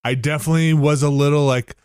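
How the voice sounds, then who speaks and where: A man's voice: a little high, fairly even intonation, quick pace, darkish tone, clean tone, dry recording, studio quality. A man hosting a podcast, telling a rambling story with lots of fillers and laughter. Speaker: podcast host. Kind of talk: casual chat, anecdote.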